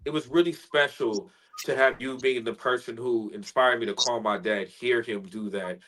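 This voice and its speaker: A man, a spoken word artist, telling an emotional personal story in an earnest, heartfelt way, sometimes soft-spoken. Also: mid-range voice, steady tone, normal speed, poor audio.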